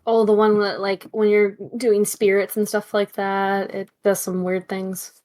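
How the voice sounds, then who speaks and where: A woman's voice: medium pitch, level tone, a little slow, darkish tone. A woman playing in a tabletop game, explaining rules in a matter-of-fact, casual way. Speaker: player.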